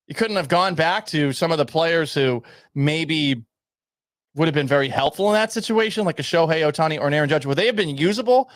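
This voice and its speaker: A man hosting a sports radio show, talking with a slightly high voice, sarcastic and full of opinions. He reads out listener texts, laughs at himself, and gives blunt takes. The studio sound is dry and close to the mic. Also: a bit bright, no room sound. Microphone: studio microphone at a mixing board.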